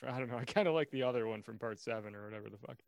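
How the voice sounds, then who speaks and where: Dry, sarcastic podcast co-host. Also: male voice, medium pitch, rapid-fire, creaky, no echo. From Buffalo, New York. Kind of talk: casual chat.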